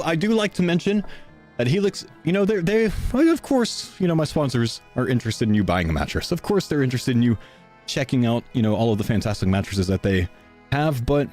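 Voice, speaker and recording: A man's voice: mid-range voice, darkish tone. Streamer guy out of breath, casual chatty ad read to chat, faint music in the background. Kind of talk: live-stream sponsor read.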